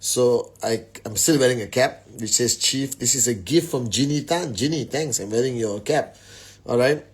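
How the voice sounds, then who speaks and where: A man's voice: mid-range voice, normal speed, husky. A middle-aged man hosting a casual livestream from home at night, greeting viewers by name in many languages. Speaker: live stream host.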